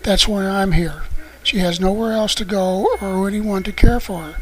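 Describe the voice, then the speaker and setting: A man voicing an anxious, apologetic young woman in an audiobook, talking in rushed runs of words. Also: sits high, a bit bright, a little hiss or hum, low-quality recording.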